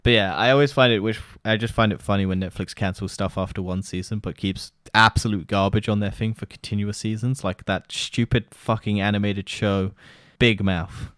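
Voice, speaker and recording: A man's voice: lowish voice, steady tone, moderate pace, hardly any pauses, fairly bright tone, clean tone, no room sound, clean studio sound. A man co-hosting a podcast in casual chat, blunt and scoffing, swearing freely. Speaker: podcast co-host.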